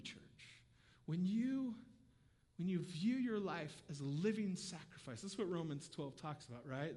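A male pastor preaching a sermon, telling a story in a conversational way with asides, moving from quiet moments to near-shouting. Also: high voice.

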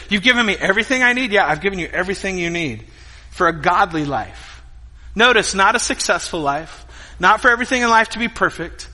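A middle-aged man preaching a sermon as a pastor, telling stories in an animated way and acting out scenes. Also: high-pitched. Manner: animated storytelling, acts out scenes. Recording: echoey hall with guitar music behind.

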